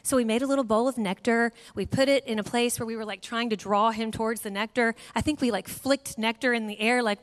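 A middle-aged woman giving a sermon, telling a family story in a lively way and acting out voices. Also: fairly high pitch, fairly quick, few pauses. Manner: animated storyteller, acts out voices. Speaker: guest speaker. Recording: long hall reverb.

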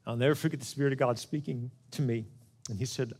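A middle-aged man delivers a sermon from the pulpit as the pastor, speaking with earnest conviction. His voice sits at an ordinary middle pitch, and he moves between energetic, raised passages and soft, hushed moments. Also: quick pace, breathy edge. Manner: earnest storytelling, swings from loud to hushed.

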